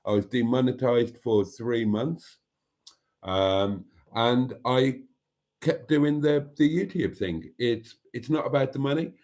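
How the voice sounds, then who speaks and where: A man's voice: mid-range voice, takes it slowly, darkish tone. A man hosting a casual live stream, rambling and self-mocking and laughing easily.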